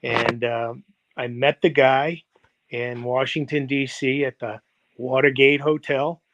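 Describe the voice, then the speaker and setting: An American football coach in his seventies tells long, rambling anecdotes in an interview, packing them with fillers and acted-out quotes. His mid-range voice moves little in pitch and his pace is slow. The video call livestream audio sounds dull, with a noisy background.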